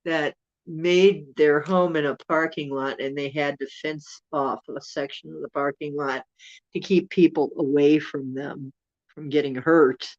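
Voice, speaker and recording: Low-voiced, unhurried woman chatting casually. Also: fairly even intonation, darkish tone, highs cut off. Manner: rambling, chuckling, teasing. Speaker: host. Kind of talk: casual live chat with viewers.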